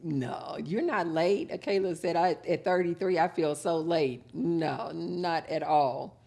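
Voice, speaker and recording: A middle-aged woman hosting a casual live chat, reading viewer comments aloud and telling animated stories with drawn-out words. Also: on the low side, gravelly.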